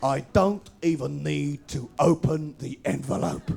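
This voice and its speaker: A sharp-tongued comedian rants his way through a live stand-up set. His voice sits high and carries a gravelly rasp. He spits out sarcastic asides at speed and flares into sudden shouts. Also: very animated, a little slow. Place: students' union bar with live audience.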